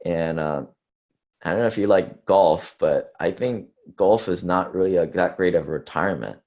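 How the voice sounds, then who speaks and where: Low-voiced guy chatting through a conference talk, lots of ums, kinda joking at himself. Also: moderate pace, a little mellow, dull audio. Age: under 30s to early 40s. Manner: conversational, filler-heavy, self-deprecating. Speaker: conference speaker. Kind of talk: casual presentation talk.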